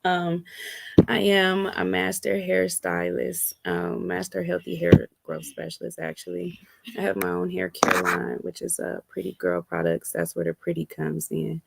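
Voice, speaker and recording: A woman's voice: on the low side, a little slow, vocal fry, heavy background noise. A woman from Cleveland, Ohio, chatting as a friendly guest on a panel podcast. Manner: friendly, chatty, calls others girl. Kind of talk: casual panel chat.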